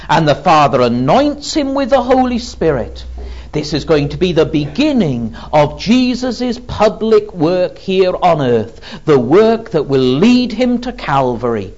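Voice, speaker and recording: Male preacher, sermon, unhurried and deliberate, lively rises and falls, muffled lo-fi recording. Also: sits high. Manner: slow and deliberate, with rhetorical questions. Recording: dull lo-fi recording.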